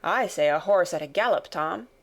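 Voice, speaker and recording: A woman voicing a gruff, wary male coach guard who barks out challenges. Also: on the low side, moderate pace, lightly acted. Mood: alert. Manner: barking, challenging shouts.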